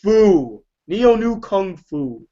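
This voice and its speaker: A man's voice: high-pitched, sing-song, drawn-out words, dark tone, lo-fi sound. A man hosting a casual movie debate, playful and argumentative, laughing often. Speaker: host.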